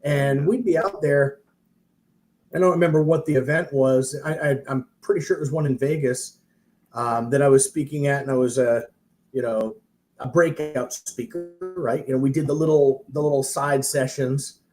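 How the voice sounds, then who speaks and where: A man's voice: mid-range voice, fairly even intonation, moderate pace, darkish tone. A man who trains mortgage professionals, telling a long story in a rambling, self-interrupting way. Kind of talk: casual storytelling on a live stream.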